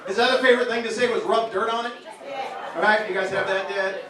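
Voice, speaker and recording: A man's voice: high voice, fairly even intonation, fast talker. A man in his forties doing crude live stand-up in a pub, telling punchy stories. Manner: brash, crude storytelling with punchy one-liners. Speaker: stand-up comedian. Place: pub stage in front of a live audience. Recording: distant echoey pub room with crowd laughter. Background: audience laughter and bar ambience.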